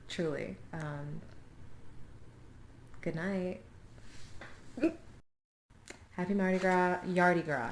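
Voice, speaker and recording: Brief: young woman vlogger, low voice, slow and unhurried, joking asides, roomy echo, faint background noise. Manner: chatty, joking asides between readings. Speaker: vlogger reading a book aloud. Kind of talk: casual vlog with read-aloud passages. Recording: echoey home room, faint background noise.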